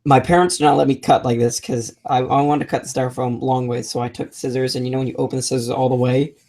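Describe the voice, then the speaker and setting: A man's voice: mid-range voice, steady tone, quick pace, a little mellow. A young adult man co-hosting a maker podcast, telling rambling stories in casual chat with many restarts. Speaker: podcast co-host.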